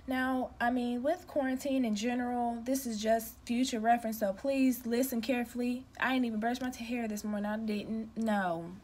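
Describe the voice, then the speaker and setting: Young woman customer care rep ranting from home, high voice, blunt and direct. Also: fairly even intonation, normal speed, hardly any pauses, a little mellow. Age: young adult. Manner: direct, emphatic, venting. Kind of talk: casual rant to camera.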